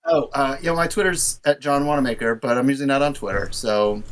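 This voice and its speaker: A man giving a short self-introduction before a tabletop game. He speaks in a mild, unhurried way and sounds slightly unsure of himself. His pitch sits in a medium range. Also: poor audio. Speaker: player. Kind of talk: casual chat and self-introduction.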